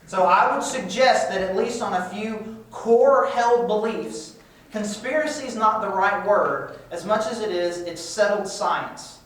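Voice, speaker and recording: A man's voice: sits high, a little slow, fairly bright tone. Man lecturing in a very echoey room. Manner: conversational, with frequent restarts and repetitions. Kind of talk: casual classroom lecture. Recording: echoey room, far-off mic, faint hiss.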